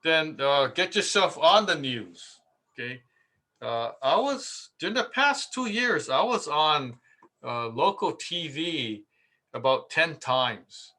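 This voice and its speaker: A man's voice: fairly high pitch, expressive, takes it slowly, pushed and bright. A man, a contractor, giving casual marketing advice through stories, chatty with many fillers and repeats. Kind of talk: casual anecdotal talk.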